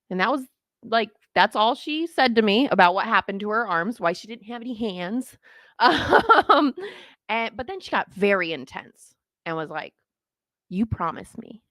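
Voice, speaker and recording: A woman's voice: mid-range voice, a bit bright, dry recording. A woman hosting a podcast, telling a story in casual chat, laughing often and acting out the voices she quotes. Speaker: podcast host.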